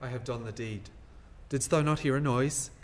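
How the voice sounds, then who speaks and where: An actor playing a guilt-haunted nobleman in classical stage style, hushed and brooding. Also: mid-range voice, normal speed, close to an everyday voice. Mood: shaken. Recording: long hall reverb.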